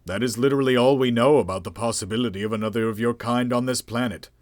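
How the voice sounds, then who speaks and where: A man voicing a stern male police commander who gives brisk, matter-of-fact orders. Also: mid-range voice, close to an everyday voice. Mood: guarded.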